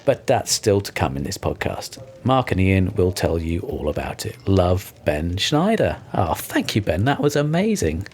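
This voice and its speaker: A man's voice: low voice, big pitch swings, normal speed, few pauses, a little mellow, husky. A man co-hosting a podcast, reading a listener's message and teasing his co-host in a wry, dry way.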